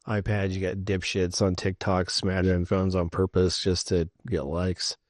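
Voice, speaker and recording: A middle-aged man co-hosting a casual podcast chat, telling stories in an animated way and swearing freely. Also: low voice, measured pace, no room sound, clean studio sound. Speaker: podcast co-host.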